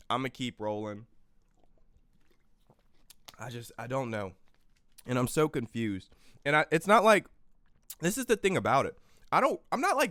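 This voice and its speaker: A man hosting a political livestream, tired and exhausted, swinging between quiet weary stretches and loud profane outbursts into a close microphone. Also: mid-range voice, smooth, no room sound. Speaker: livestream host. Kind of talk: impassioned political livestream rant.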